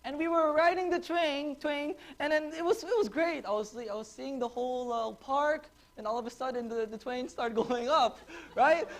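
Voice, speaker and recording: Man preaching with lively storytelling. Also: very high-pitched, normal speed. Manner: animated storytelling, laughs often. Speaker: pastor. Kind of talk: sermon. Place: church, before a congregation.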